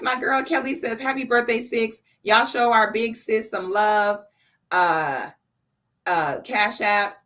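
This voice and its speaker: Woman in her thirties, live stream host, effusive, crisp bright voice. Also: a little high, slow. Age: 30s. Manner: effusive, thanking viewers by name, reading super chats. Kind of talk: casual live stream chat.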